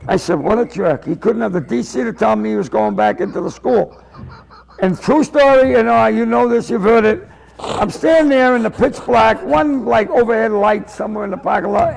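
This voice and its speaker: A man, telling a rambling comic story and acting out both sides, often coughing and clearing his throat. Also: high-pitched, expressive, normal speed, a little mellow, low-quality recording. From Massachusetts. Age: 60s. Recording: public-access TV archive tape.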